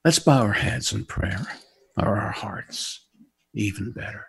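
Middle-aged Northern Irish pastor, emphatic, heartfelt sermon delivery for radio listeners. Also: male voice, fairly low pitch, lively intonation, a little slow, gravelly, fairly bright tone, slightly rough. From Northern Ireland. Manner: emphatic and heartfelt, rising and falling.

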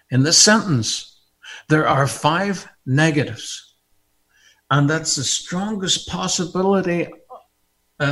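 A man preaching a sermon, animated and often laughing, building to fervent repetition. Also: a little high.

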